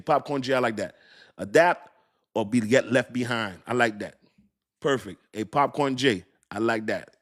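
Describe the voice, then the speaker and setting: A man hosting a crypto livestream, chatting loosely with his viewers, reading their comments, joking and laughing often, searching aloud for words. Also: mid-range voice.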